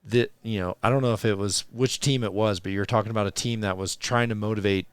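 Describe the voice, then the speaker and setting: A man's voice: on the low side, fairly even intonation, fast talker, clean tone, no room sound. A man talking in a casual podcast conversation, rambling and restarting his sentences as he searches for words. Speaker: podcast guest, archer and bowhunter.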